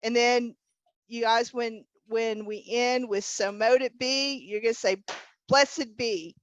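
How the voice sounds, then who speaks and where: A woman's voice: on the high side, slow, no room sound, muffled recording. A woman teaching a witchcraft class over a video call, patiently walking a group through a spell chant step by step. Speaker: witchcraft instructor.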